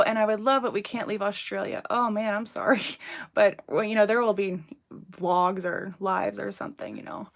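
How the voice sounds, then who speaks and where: A woman's voice: a little high, fairly bright tone. A woman in her thirties hosting a casual crafting livestream from home, rambling cheerfully and reading out viewers' names and comments as she works. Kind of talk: casual live-stream chat while crafting.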